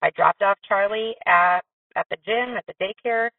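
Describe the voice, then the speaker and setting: A woman's voice: mid-range voice, moderate pace, dry recording, distant mic. A woman in her thirties telling a personal story in a candid, rambling, self-deprecating way. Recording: dry tinny phone-like sound from off-mic.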